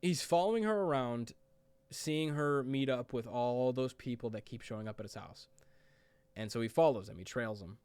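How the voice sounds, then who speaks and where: A man's voice: medium pitch, moderate pace, a little mellow, smooth, no room sound. A man casually recapping a movie plot, rambling with lots of "like" and "um". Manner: rambling, fillers like "like" and "um". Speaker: movie reviewer.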